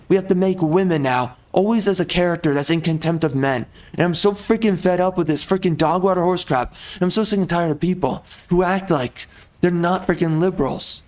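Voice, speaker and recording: A man's voice: high voice, normal speed, darkish tone. A man ranting as he commentates over gameplay, exasperated and heated, repeating himself and swapping in mild stand-ins for curses.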